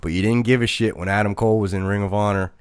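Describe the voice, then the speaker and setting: A man's voice: on the low side, fairly even intonation, quick pace, smooth, no echo, clean studio sound. A man co-hosting a wrestling podcast, ranting mockingly and calling out a critic by name. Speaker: podcast co-host. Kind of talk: casual podcast rant.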